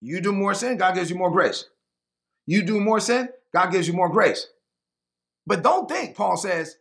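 A man preaching a sermon as pastor, emphatic and repetitive, with a gravelly voice. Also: sits high, expressive, measured pace, a bit bright.

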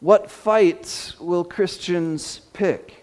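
A man's voice: sits high, drawn-out words, a little mellow. A man preaching a sermon, telling stories with many fillers and restarts. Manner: storytelling with repeated fillers and restarts. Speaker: pastor. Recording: long hall reverb.

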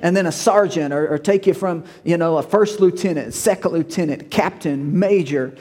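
A middle-aged man preaches to his congregation in a high voice. He tells folksy stories, laughs often, and sometimes breaks into shouted drill calls. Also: normal speed. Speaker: pastor. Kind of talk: sermon.

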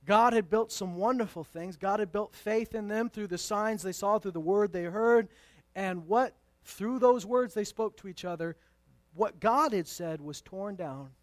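High voiced guy preaching, dry close mic, gets loud then goes quiet and jokey. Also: unhurried, no room sound. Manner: emphatic, swings from loud to hushed; conversational and playful asides. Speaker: pastor. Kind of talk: sermon.

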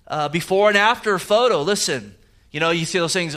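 A man's voice: fairly high pitch, a little fast, a bit bright. A man preaching a sermon in a conversational way, with frequent restarts and asides as he explains scripture. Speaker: pastor.

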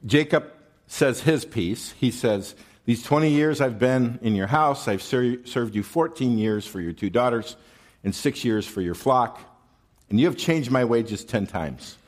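A man's voice: mid-range voice, lively intonation, unhurried. A male pastor preaching a sermon in a conversational, wry manner, asking his listeners questions.

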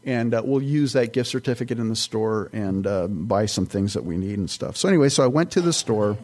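A man's voice: on the low side, lively intonation, brisk, darkish tone. Man preaching a folksy, rambling sermon. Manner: folksy, rambling anecdotes with frequent restarts. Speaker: pastor. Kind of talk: conversational sermon.

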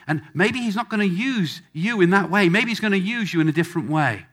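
A man's voice: high voice, lively intonation, fairly quick, few pauses, fairly bright tone. A man preaching a sermon to a congregation in front of him, emphatic and fond of repeating phrases for effect. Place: church hall with a live congregation.

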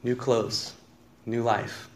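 A man's voice: mid-range voice, flat delivery, extremely slow, a little mellow. A man preaching a conversational sermon in a church, reading scripture aloud and asking his congregation questions. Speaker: pastor. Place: church sanctuary.

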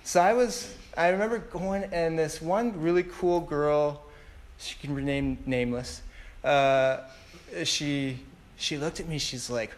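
A man's voice: fairly high pitch, unhurried. A man in his thirties giving a personal testimony in a rambling way, with many fillers and restarts. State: tearful. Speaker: speaker sharing a testimony.

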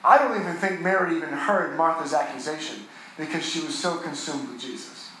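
Speaking a little fast, this man preaches earnestly in a high, bright voice. Key lines swell while tender passages sink soft and low. His sermon echoes heavily around a church hall, with a faint hum of noise beneath.

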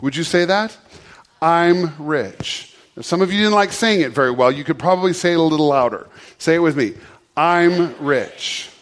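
A man's voice: fairly high pitch, expressive, quick pace, hardly any pauses. A pastor preaching a conversational sermon, leading his congregation to repeat phrases and often restarting words.

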